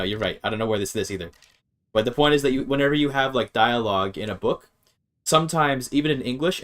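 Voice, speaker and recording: A man's voice: mid-range voice, fairly bright tone. A young man livestreaming and explaining grammar in a casual, rambling way, often correcting himself and swearing when a demonstration goes wrong. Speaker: streamer.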